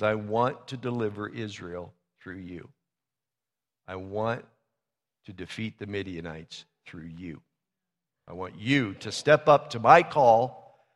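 Conversational preacher in a reverberant hall. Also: male voice, on the low side. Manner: storytelling, conversational, acts out biblical dialogue. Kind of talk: sermon.

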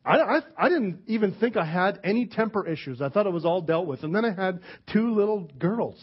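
A higher-voiced man preaching in a relaxed, joking way. He slips into quick acted-out lines of other people. The recording sounds dull and muffled. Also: breathy edge. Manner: candid, joking, acts out quoted people. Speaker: pastor. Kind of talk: casual conversational sermon.

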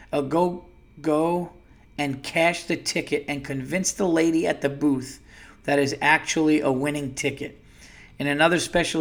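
A man's voice: on the high side, a bit bright. A man hosting a casual solo podcast, rambling and joking crudely as he reads listener emails aloud. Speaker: podcast host.

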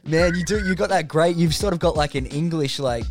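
An upbeat man hosts a relaxed interview with plenty of enthusiasm. His voice sits a bit higher than most men's. Faint music plays behind him. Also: fairly quick. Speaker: podcast host. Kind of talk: casual interview chat.

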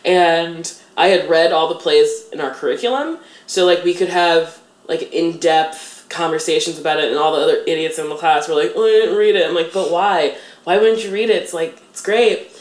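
Chatty woman in an echoey room. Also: deep voice. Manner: chatty, self-deprecating, heavy use of "like". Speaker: interview guest. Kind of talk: casual interview chat.

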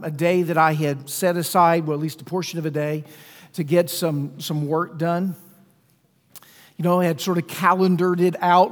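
A man preaching a sermon, praying and then telling a personal story in a relaxed way with frequent restarts. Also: on the high side. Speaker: pastor. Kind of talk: sermon with prayer and personal anecdote. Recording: long reverb of a large hall.

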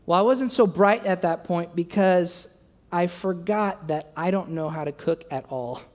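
A young adult man preaching a sermon, telling a self-mocking story and acting out the dialogue with lively energy. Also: high-pitched, measured pace. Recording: long reverb of a large hall.

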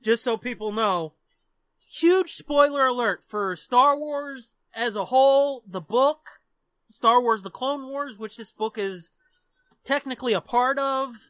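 A young man hosts a podcast and talks in a loose, joking way, loud and full of swearing. His voice is bright and forceful, and it sits at a middle pitch. The sound is dry and close, with no room echo. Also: a little slow, clear, resonant tone. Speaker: podcast co-host. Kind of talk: casual chat.

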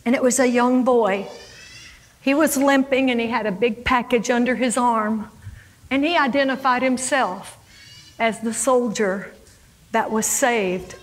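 High-voiced woman preaching a sermon. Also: rough recording. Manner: dramatic, acting out scripture quotes with rising emphasis.

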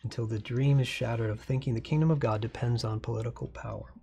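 A pastor preaching a sermon in an earnest, conversational way, with frequent fillers and restarts. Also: male voice, medium pitch, steady tone, fast, gravelly, dark tone, a little hiss or hum.

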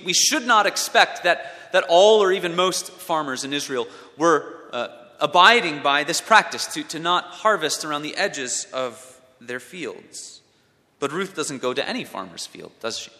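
A man's voice: mid-range voice, bright, forceful tone. A man giving a sermon as a pastor, asking his listeners questions and repeating words as he thinks. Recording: long hall reverb.

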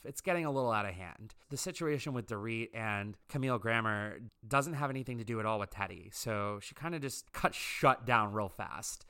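Male commentator, gossipy and opinionated, crisp and bright. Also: mid-range voice. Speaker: reality TV commentator. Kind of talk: casual commentary monologue.

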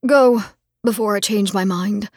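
A woman voicing a breathy, wry young nobleman. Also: medium pitch, a little slow, darkish tone, dry recording, studio quality. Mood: gentle. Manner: easygoing, wry, teasing.

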